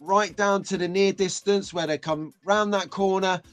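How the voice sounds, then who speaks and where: Chatty excitable British host, higher voice. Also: male voice, moderate pace, faint music behind. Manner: chatty, excitable, greeting viewers by name. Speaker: live stream host. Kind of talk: casual live stream chat.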